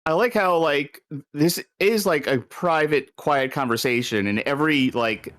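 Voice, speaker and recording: A man's voice: fairly high pitch, unhurried, fairly bright tone. A man co-hosting a let's-play show, chiming in with dry, wry remarks. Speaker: co-host.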